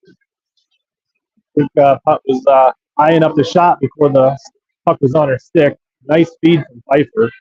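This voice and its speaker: A man giving steady, matter-of-fact play-by-play commentary on a youth hockey game in an ice arena. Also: on the high side, measured pace, no room sound, lo-fi sound.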